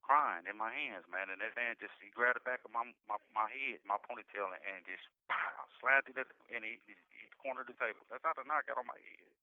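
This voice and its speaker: A man on a tinny, phone-like line with a dry, close sound tells his story in halting bursts. He speaks in dialect, repeats words and restarts sentences often. His pitch sits at a medium level for a man. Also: dry recording. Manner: halting, repetitive, frequent restarts and "you know what I'm saying". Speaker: incarcerated interviewee. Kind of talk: recounting past events in conversation. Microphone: jail phone call.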